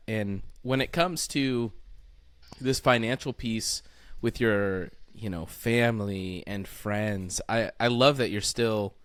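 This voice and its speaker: A man's voice: fairly low pitch, clean tone, no echo. A man hosting a podcast, asking questions in a chatty, encouraging way. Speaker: podcast host. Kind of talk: interview questions.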